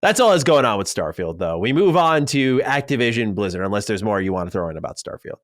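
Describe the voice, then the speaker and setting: A man's voice: lowish voice, very animated, fast, no room sound, clean studio sound. A man hosting a gaming podcast in casual chat, reading out news items and quotes. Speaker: podcast host.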